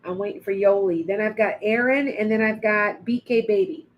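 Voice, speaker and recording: This middle-aged psychic medium speaks in a mid-range voice at a moderate pace, the audio poor throughout. She rambles through readings on a live stream, calling out viewers by name as she goes.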